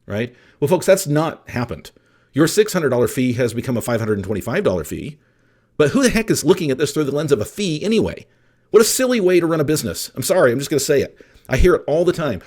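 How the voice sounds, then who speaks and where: A man's voice: medium pitch, sing-song, fast talker, a little mellow, slightly rough. A middle-aged man hosting a solo podcast, emphatic and blunt, speaking straight to his listeners. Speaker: podcast host and appraisal coach.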